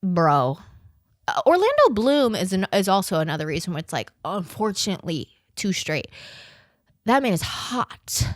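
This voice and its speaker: With a mid-range voice and studio-quality sound free of echo, a woman in her twenties runs a podcast. Her casual conversation is lively, sprinkled with swearing and frequent laughs, and she stumbles when reading text aloud.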